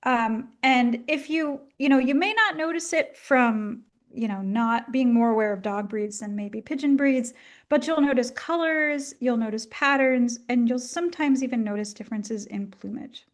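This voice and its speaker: A woman with a fairly high-pitched voice speaks at normal speed, giving a casual illustrated lecture. She's chatty and enthusiastic, with lots of ums and side remarks, and occasionally coughs as she recovers from the last of a flu.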